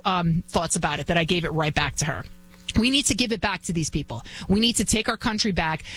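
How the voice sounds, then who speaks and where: Woman in her 40s, radio talk host, indignant, animated monologue. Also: mid-range voice, poor audio.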